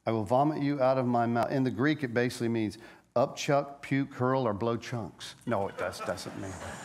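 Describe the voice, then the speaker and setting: Animated pastor with stammering restarts. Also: male voice, fairly high pitch. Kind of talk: sermon.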